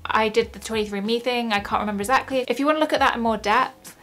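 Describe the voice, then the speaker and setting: Young woman vlogging from home, rambly and self-mocking, bit of a high voice. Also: very fast, fairly bright tone, soft background music. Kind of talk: casual vlog chat.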